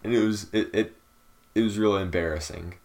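Young man, lowish voice, laid-back podcast banter. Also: fairly even intonation, brisk, a little mellow. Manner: laid-back, laughs often. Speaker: podcast co-host. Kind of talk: casual chat.

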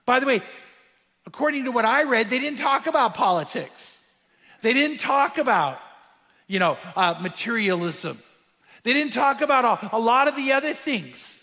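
A man preaching a sermon in a high, bright voice. Long reverb from the large hall rings behind him. He switches between hushed, intimate storytelling and raised, emphatic preaching. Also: expressive, normal speed. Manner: drops to a hushed, quiet voice when telling a moving story; rises to higher, emphatic preaching when making points. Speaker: pastor.

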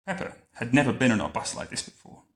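A man reading a picture book aloud to a child at home, adding wry, deadpan comments between the lines. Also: mid-range voice, fast. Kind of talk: bedtime story reading with joking asides. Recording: roomy echo.

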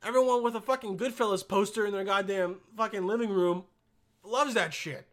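High, bright-voiced young man ranting profanely. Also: a little fast. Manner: profane, rambling, jokey; swings between mumbling and shouting. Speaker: podcast host. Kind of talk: casual rambling monologue.

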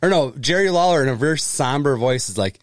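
A man's voice: medium pitch, lively intonation, fast, dry recording. A man co-hosting a podcast, recapping in casual chat, laughing often and swearing casually. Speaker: podcast co-host.

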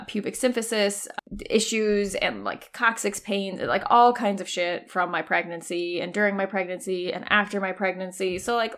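Woman in her thirties, podcast host type, loose and candid, some vocal fry, mid pitch. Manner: chatty, frequent "like" fillers, candid with swearing and laughs. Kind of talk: casual personal storytelling.

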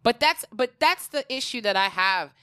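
A woman's voice: fairly high pitch, expressive, normal speed, bright, forceful tone, clean tone. A woman co-hosting a casual podcast, talking bluntly and swearing as she rants. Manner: blunt, exasperated, swears often. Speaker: podcast co-host.

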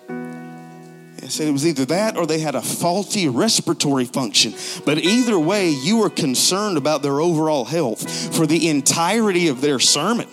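A man in his forties preaching a sermon in a joking, conversational way, low on strength and not raising his voice. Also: animated, normal speed, faint music behind. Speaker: pastor.

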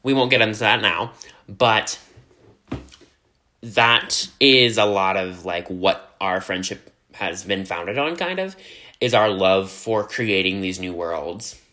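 A man's voice: low-pitched, slow pace, sharp tone. A man co-hosting a casual podcast chat, telling stories with a lot of trailing off and restarting. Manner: chatty storyteller, trails off and restarts. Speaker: podcast co-host.

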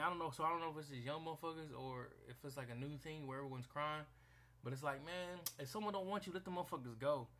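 A man's voice: a little high, fairly bright tone. A young man in a casual rant, blunt and profane, who often repeats himself and restarts his sentences.

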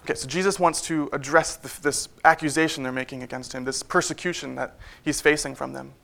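A man preaching a sermon in a church, in a relaxed, conversational way with frequent fillers and wry asides. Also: on the high side, a little fast, creaky.

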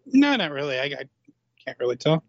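A man's voice: fairly high pitch, big pitch swings, a little fast, dry recording, highs cut off. Wry man in casual chat. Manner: wry, joking asides. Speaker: podcast co-host.

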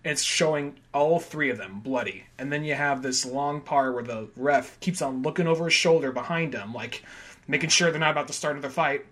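A man's voice: on the high side, fairly quick. Rambling young man reviewing a film. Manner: rambling, many fillers, acts out quotes loudly. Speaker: podcast host. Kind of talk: casual film review chat.

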